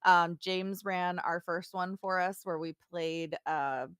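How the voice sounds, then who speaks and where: A woman's voice: fairly low pitch, slow, a bit bright, smooth, dry recording, clean studio sound. A woman chatting casually on a livestream about her tabletop game shows, upbeat and giggly. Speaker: streamer and tabletop game player.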